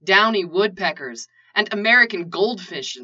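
A woman's voice: mid-range voice, animated, normal speed, bright, forceful tone, husky. A woman narrating a story in a playful way with joking asides, in a lo-fi recording. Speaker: reader. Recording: lo-fi dull recording.

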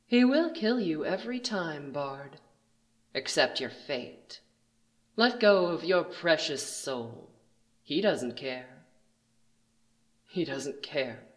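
A storyteller voicing a scheming mage who speaks quietly and coldly, with open condescension. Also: mid-range voice, lively intonation, slow, pauses often. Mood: taunting.

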